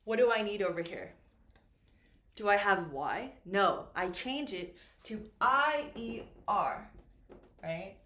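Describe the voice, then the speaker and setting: A woman teaching an English lesson at a whiteboard, slowly and patiently, repeating the key words. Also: medium pitch, animated, a bit bright. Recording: echoey room.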